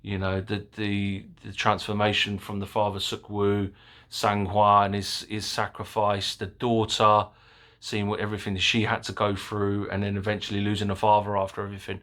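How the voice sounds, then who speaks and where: Guy gushing about a movie, kinda low voice, rambly and excitable, swears a bit. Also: normal speed. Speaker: film reviewer. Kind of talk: casual movie review.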